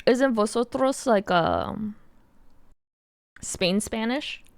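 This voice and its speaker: Young female streamer, casual and giggly, slightly high voice, dry close sound. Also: expressive, extremely slow, creaky, clear, resonant tone, no echo. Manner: chatty and giggly, reads chat aloud. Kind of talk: casual live-stream chat while drawing.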